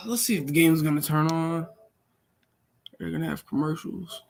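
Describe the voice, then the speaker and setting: A young man hosting a live stream, chatting casually with viewers in a relaxed, rambling way full of fillers. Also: fairly high pitch, unhurried, vocal fry. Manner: laid-back, rambling, many fillers.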